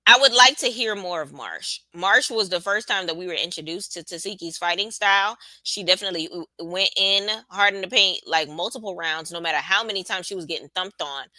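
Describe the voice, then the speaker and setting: A woman with runs a live reaction stream. She talks casually and sassily, answering her chat, in a very bright, forward voice. The sound is dry and close to the mic. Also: on the low side, no echo. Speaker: live-stream show host.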